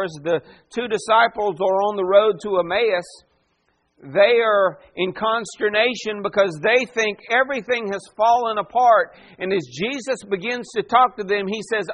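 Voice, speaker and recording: High-voiced male preacher. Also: moderate pace, fairly bright tone. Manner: dramatic voicing of quoted figures, rhetorical questions. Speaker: pastor. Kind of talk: sermon.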